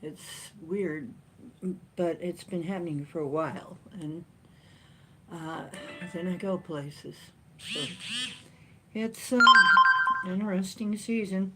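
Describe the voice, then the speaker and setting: A woman hosting a casual livestream chat from home, rambling and chatty with frequent laughs and playful jumps in pitch. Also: very slow, long pauses, darkish tone, slight background noise. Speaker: livestream host. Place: at home, sitting in a chair with a cat.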